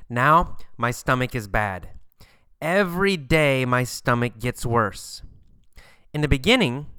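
A man narrating a scripted story for learners in a slow, deliberate, clearly enunciated way. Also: mid-range voice, pushed and bright, no echo.

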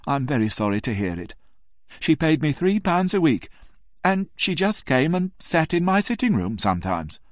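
A polite, deferential landlady speaks in a raised, lively voice, as a man reading the story puts her on. The sound is dry and close, with no room around it. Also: on the high side, normal speed, no room sound, voice pushed up. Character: polite middle-aged woman landlady.

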